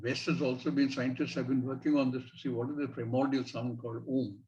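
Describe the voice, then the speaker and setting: A man teaching a scripture class. He explains each point slowly and in a measured way, and recites Sanskrit syllables as he goes. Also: mid-range voice, little pitch movement, darkish tone, distant mic. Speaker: Vedanta teacher. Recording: dull lo-fi recording.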